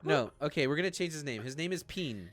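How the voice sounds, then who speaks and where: A man running a tabletop game on a live stream, laughing as he tries to rein in his players. His pitch swings up and down a lot as he talks. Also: animated, quick pace, very noisy. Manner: laughing, trying to keep order. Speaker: game master.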